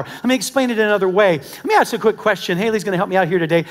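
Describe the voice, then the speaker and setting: Animated American pastor, high voice. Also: male voice, very fast, few pauses. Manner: animated storytelling, acts out dialogue, swings between loud and hushed. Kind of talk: sermon. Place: church auditorium with live congregation.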